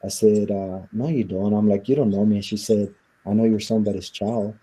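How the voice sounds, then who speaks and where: A man with a low, very dark and mellow voice tells his own story in an interview. He talks casually, acting out old conversations and leaning on "you know" and "like". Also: steady tone, a little fast, slightly rough. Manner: casual, storytelling with many quoted exchanges and fillers. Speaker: interview guest.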